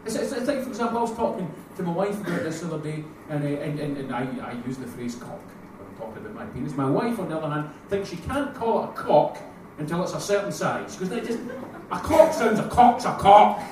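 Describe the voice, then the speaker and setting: A man with a Scottish accent doing a crude, animated stand-up comedy set, slipping into put-on voices. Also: on the high side, fast talker. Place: live comedy venue with audience. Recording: echoey room, mic heard from far off, noisy.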